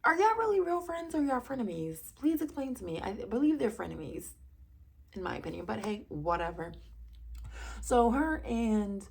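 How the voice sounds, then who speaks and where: A woman chatting casually as she reviews a reality show, sassy and gossipy with animated asides. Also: on the high side, normal speed, creaky, breathy edge.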